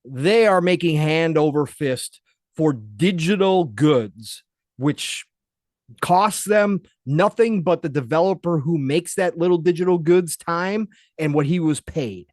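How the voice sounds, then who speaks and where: A fired-up man venting his opinion on a casual gaming podcast, stressing his points hard. His voice sits a little on the higher side and sounds close and dry. He talks in a plain, conversational way. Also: expressive, slow, darkish tone, no echo. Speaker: podcast co-host.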